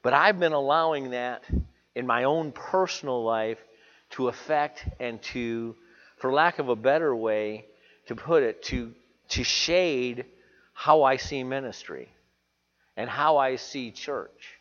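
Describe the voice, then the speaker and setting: A man's voice: medium pitch, slow, fairly bright tone, long reverb tail, dull audio. A man preaching a sermon to his church, earnest and confessional, repeating phrases for emphasis. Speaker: pastor.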